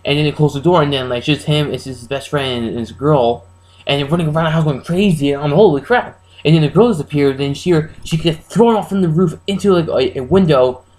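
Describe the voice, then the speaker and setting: A man giving a casual, rambling, spoiler-heavy recap of a horror film as a reviewer, excitable and full of restarts. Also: fairly high pitch, fairly quick, poor audio.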